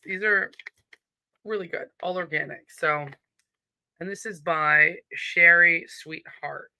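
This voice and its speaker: A woman's voice: fairly low pitch, pushed and bright, dry recording. A woman with a Southern accent hosting a casual live stream from home, chatty and upbeat as she greets viewers and reads their comments.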